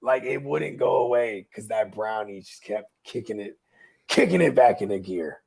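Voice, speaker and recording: A man's voice: lowish voice, lively intonation, moderate pace, vocal fry, a little mellow, husky. A young man casually telling a long, rambling story, swearing and laughing along the way. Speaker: podcast host.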